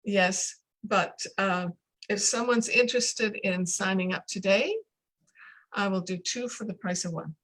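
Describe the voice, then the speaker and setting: An older woman, a speech coach, explaining pronunciation in a casual interview over a video call, slowing down to demonstrate sounds. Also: mid-range voice, a bit bright, rough recording. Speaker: accent coach.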